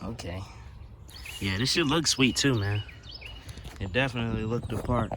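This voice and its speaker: A man's voice: mid-range voice, moderate pace, fairly bright tone, a little hiss or hum. A young man giving a casual, slangy, profane unboxing commentary outdoors beside a car, filming on a handheld phone. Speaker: car audio vlogger.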